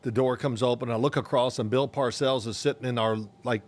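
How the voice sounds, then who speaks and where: Older man, podcast co-host, former quarterback, animated storyteller. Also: medium pitch, a little fast. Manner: animated storyteller who acts out quoted voices. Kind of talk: casual chat, storytelling.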